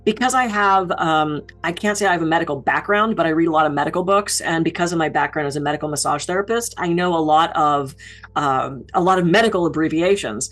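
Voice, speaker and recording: A woman keynote speaker giving public speaking advice in an expressive, down-to-earth, conversational way. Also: sits low, quick pace.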